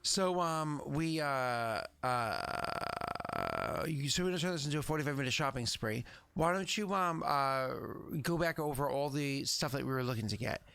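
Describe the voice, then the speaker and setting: Gravelly, lively man running a game. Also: mid-range voice, moderate pace. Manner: rambling and playful, many fillers. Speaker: game master. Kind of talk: running a streamed tabletop game.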